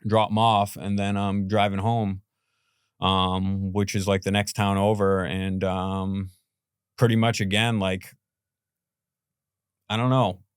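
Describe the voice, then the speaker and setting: A man's voice: low-pitched, little pitch movement, slow, long pauses, smooth, no room sound, studio quality. A man in his forties from Boston, a podcast guest telling a story in a rambling, casual way, full of "like" and "you know" and the odd swear word. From Boston, USA.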